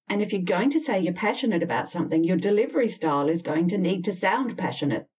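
Direct woman coaching, husky tone. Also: lowish voice, a little mellow, recorded from a distance. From Australia. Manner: direct, emphatic, candid. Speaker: interview and communication coach. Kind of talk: instructional advice talk.

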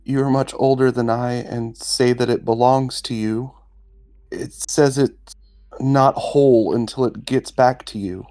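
A man's voice: mid-range voice, fairly even intonation, a little slow, mellow, voice pushed up, close to an everyday voice. A man playing a determined young half-elf woman, speaking firmly and earnestly.

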